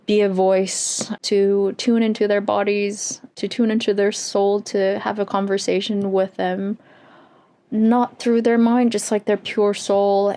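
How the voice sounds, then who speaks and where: A woman's voice: mid-range voice, darkish tone, a little hiss or hum. A woman who works as an energy healer, telling her personal story in an earnest, reflective way. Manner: earnest, reflective, with laughs and sighs.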